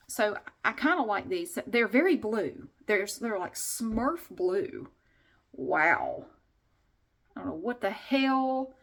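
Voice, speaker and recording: A middle-aged woman vlogs casually in a mid-range, slightly bright voice. She rambles frankly and chattily, often restarting sentences and swearing mildly.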